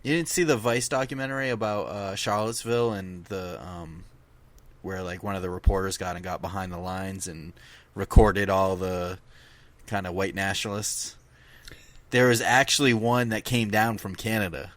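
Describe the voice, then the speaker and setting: This is a man with a fairly low voice co-hosting a relaxed podcast chat. He talks eagerly, cutting in with questions and quick explanations for the listener. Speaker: podcast co-host. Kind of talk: casual chat.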